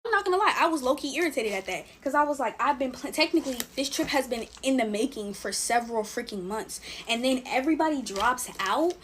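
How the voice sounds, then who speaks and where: Young woman, casual storytime narration, emphatic, lively, slightly high voice. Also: fairly quick, few pauses, slight background noise.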